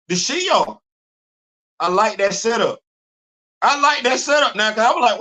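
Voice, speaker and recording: Male host with a high, sharp voice; lively, exclamatory fan chat. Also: moderate pace, long pauses. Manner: animated, repetitive, exclaiming, laughing. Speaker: comics podcast host. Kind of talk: excited casual comic book talk. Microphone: live stream mic.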